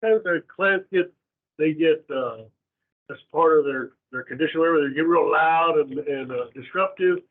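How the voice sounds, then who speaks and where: A man in the class sharing a story, halting and hesitant with fillers. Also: fairly high pitch. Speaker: class participant. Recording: tinny phone-like sound from far off.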